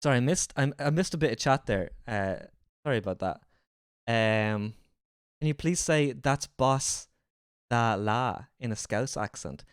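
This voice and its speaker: A man's voice: medium pitch, unhurried, clear, resonant tone, no echo, studio quality. A man with a light Irish accent chatting casually and jokingly as a streamer. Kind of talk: casual live-stream reaction chat.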